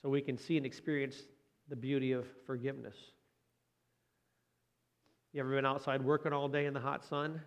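A man's voice: medium pitch, flat delivery, normal speed, long pauses. A man preaching a conversational sermon as a pastor. He talks in a folksy way, asks the listeners questions and adds light joking asides.

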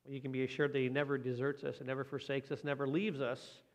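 A man's voice: mid-range voice, level tone, fast. A man preaching a sermon in a conversational way, often asking his listeners questions. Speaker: pastor.

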